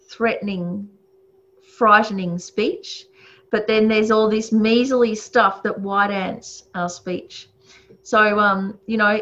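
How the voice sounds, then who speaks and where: A woman's voice: mid-range voice, a bit bright. A woman giving a casual, thoughtful teaching talk, with fillers and chuckles. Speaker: speaker on ethics. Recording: muffled lo-fi recording.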